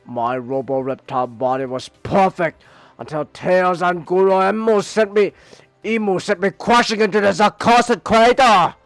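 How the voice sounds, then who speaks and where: A man's voice: sits high, normal speed, no echo, soft background music. A man voicing a boastful male robot crocodile prison warden in a comic read aloud on stream. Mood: gloating. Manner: gloating villain monologue read aloud.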